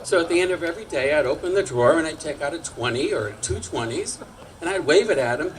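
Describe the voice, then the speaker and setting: Older male storyteller, sixties, wry and chatty, slightly high voice, faint hiss behind. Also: expressive, fast. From Massachusetts. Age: 60s. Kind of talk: personal storytelling on stage. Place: community storytelling night before an audience.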